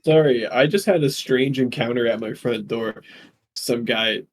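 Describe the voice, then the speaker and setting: A man on a voice call from his home, chatting casually with his tabletop group. His voice is mid-pitched and plain. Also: unhurried. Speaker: player.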